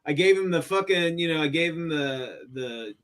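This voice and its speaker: A man's voice: fairly high pitch, lively intonation, moderate pace, fairly bright tone, clean tone. A middle-aged man on a stream, telling a story in casual profane chat. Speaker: stream co-host.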